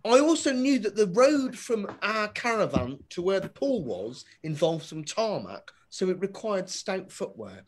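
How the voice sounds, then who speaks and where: A man doing a stand-up comedy routine, swinging between loud punchlines and muttered asides. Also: high voice, very animated, a little slow, hardly any pauses, a little hiss or hum. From Britain. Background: audience laughter.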